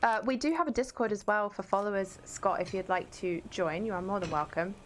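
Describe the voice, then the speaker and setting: A woman streamer chats with her viewers while she plays, reading messages aloud and reacting to the action. Her voice sits at an ordinary middle pitch, with a faint hiss of background noise. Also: fairly quick. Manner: chatty, reads chat aloud, exclaims at the game. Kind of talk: casual live-stream chat while gaming.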